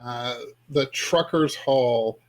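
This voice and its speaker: A man playing in a tabletop game, joking in a deadpan way. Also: mid-range voice, very slow, poor audio. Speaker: player. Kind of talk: tabletop role-play chat.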